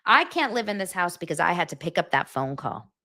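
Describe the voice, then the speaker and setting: Woman host, sarcastic pop culture recap, very lively pitch, loud jabs and muttered asides. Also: fairly quick. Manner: sarcastic, animated, swinging between loud bursts and muttered asides. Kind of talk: casual commentary recap.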